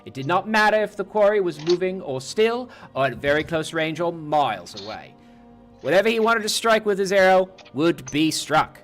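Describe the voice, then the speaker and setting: A man reading a game book aloud on a stream, casually, swearing and stumbling over words now and then. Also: fairly high pitch. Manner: irreverent, swears, stumbles and restarts while reading.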